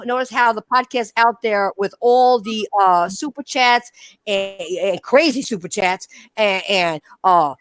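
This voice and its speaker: A woman hosting a podcast in a heated casual rant, blunt and profane, circling back to her points and calling out to her listeners. Her voice is recorded dry and close, with no room sound, and her pitch sits in an ordinary middle range. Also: a bit bright, dry recording. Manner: blunt, profane, repetitive, addresses listeners directly. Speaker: podcast host.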